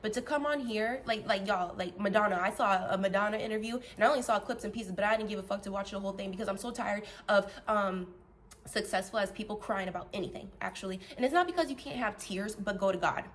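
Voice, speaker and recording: A woman ranting bluntly and profanely to her vlog audience, heated and animated, swinging between loud and soft. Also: medium pitch, fast, a little hiss or hum. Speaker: vlogger.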